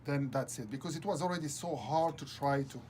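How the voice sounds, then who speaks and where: A man as an interview guest, telling a story with lots of laughter and halting restarts. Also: a little high, darkish tone, slight background noise. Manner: laughs often, halting restarts, acts out quoted dialogue. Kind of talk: animated storytelling anecdote.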